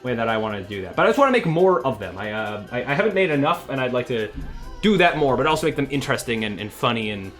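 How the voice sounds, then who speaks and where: A man's voice: medium pitch, big pitch swings, quick pace, fairly bright tone, soft background music. A man chatting casually on a game development livestream, rambling with many restarts and fillers.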